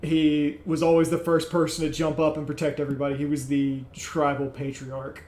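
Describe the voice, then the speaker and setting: Brief: a man, higher voice, animated player in a tabletop role-playing session. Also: moderate pace, roomy sound. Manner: animated, shouts in-character lines. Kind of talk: playing a tabletop game in character.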